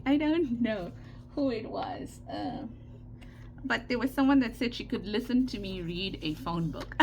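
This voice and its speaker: South african indian lady crafter, casual tutorial chat, repeats herself a lot, mid pitch. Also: normal speed, slight background noise. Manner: chatty, repeats herself, frequent "okay" check-ins. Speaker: craft channel host.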